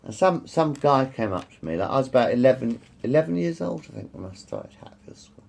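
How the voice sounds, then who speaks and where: A man in his fifties with a gravelly, rough-edged voice tells loose personal stories. His pitch swings up and down with lively expression. He repeats himself often and swears without pause. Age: 50s. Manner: repetitive, circles back and swears freely. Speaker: vlogger. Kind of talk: rambling personal storytelling.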